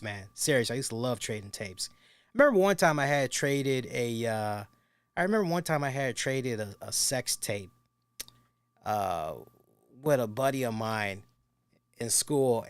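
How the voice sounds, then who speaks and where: Smooth-voiced, crude, rambling male reviewer. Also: mid-range voice, fairly bright tone, dry recording. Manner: loose, crude, laughing anecdotes. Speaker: wrestling show reviewer. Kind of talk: casual profane storytelling.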